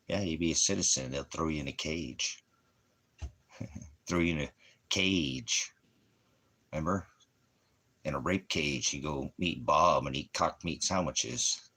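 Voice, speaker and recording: A man's voice: extremely low pitch, fairly bright tone, husky. A man hosting an internet ministry channel, talking in a rambling online monologue that keeps drifting into jokes he laughs at himself.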